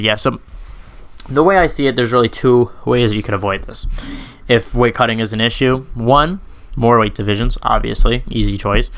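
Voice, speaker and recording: A man talks through MMA questions from his audience in loose, rambling speech, swearing freely and filling pauses with "um" and "like." His voice is bright and smooth, and it rings out with clarity. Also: medium pitch. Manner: rambling, profane, frequent fillers and self-corrections. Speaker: YouTube MMA commentator. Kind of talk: casual unscripted Q&A monologue.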